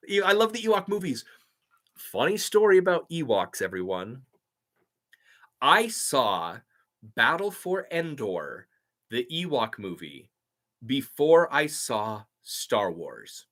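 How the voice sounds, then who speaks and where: Speaking a little slowly, with big swings in pitch around a medium register and a fairly bright tone, a man fields chat questions on his live stream. His answers are eager, wandering fan talk full of fillers.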